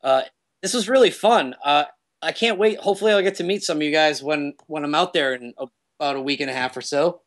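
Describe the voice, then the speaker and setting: Young man, casual meetup guest, rambly and loose, slightly high voice. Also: a little fast, a bit bright. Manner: rambling, loose, lots of fillers and self-corrections. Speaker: remote guest speaker at a meetup. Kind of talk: casual chat.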